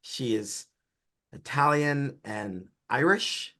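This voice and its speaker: A film director from Georgia, a man, giving relaxed, explanatory interview answers about his career and work. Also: mid-range voice, takes it slowly. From Atlanta, Georgia, US.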